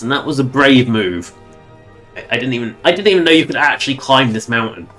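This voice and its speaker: A man's voice: mid-range voice, fairly bright tone. A man from England giving rambling, chatty gameplay commentary on a livestream. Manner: rambling, chatty, with frequent restarts. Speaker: game streamer.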